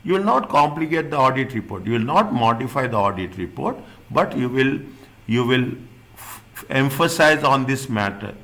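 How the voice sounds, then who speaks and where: A man's voice: mid-range voice, expressive, moderate pace, fairly bright tone. Man lecturing, asking "is it right?" often. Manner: repeats points, checks understanding with "is it right?"; restarts and rephrases often, non-native phrasing. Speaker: accounting exam tutor. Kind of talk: classroom lecture.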